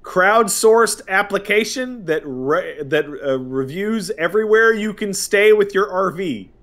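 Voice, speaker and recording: A man's voice: high-pitched, unhurried. A man from Montreal with a Canadian accent, telling stories animatedly as a podcast host. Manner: animated, jokey storytelling. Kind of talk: casual podcast chat.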